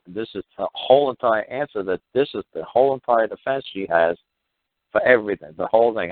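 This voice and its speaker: A man on a talk show call, explaining court procedure in an emphatic, repetitive way and mocking officials with quick impressions. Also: lowish voice, dry recording. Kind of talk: animated phone-in talk. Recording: tinny phone line, dry.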